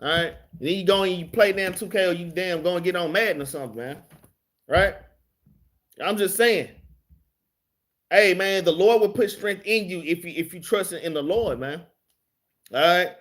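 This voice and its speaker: A man's voice: high-pitched, moderate pace, pauses often, fairly bright tone. A man teaching a casual Bible class over his phone, slangy and streetwise, swearing freely and calling listeners y'all and man. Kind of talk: casual live-streamed Bible study.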